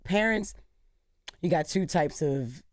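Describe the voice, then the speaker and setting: A man's voice: a little high, expressive, slow pace, dry recording, studio quality. Casual man asking interview questions. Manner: conversational, uses y'all. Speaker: co-host. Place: radio studio.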